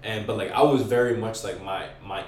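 A man's voice: on the low side, fairly quick, darkish tone. A young man telling a casual story in heavy slang and profanity, acting out his own quoted lines. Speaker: podcast guest. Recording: roomy, distant mic, faint noise.

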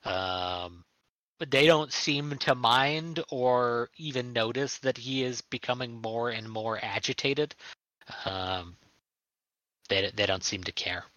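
A man's voice: medium pitch, takes it slowly, fairly bright tone, no room sound, dull audio. A man narrating a tabletop game as game master, rambling with lots of fillers. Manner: rambling, full of uhs and likes.

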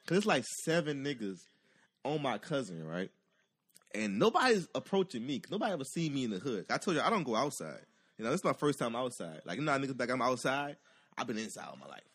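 A man telling a comic story in profane street slang, acting out the people in it with deep and squeaky voices. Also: quick pace, husky. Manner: animated, acts out others in deep and squeaky voices. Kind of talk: comedic storytelling.

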